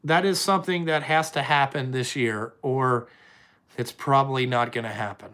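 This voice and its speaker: A man's voice: medium pitch, normal speed, a bit bright. A young man, the owner of a trucking company, chatting casually and profanely on a live stream and answering viewers' questions.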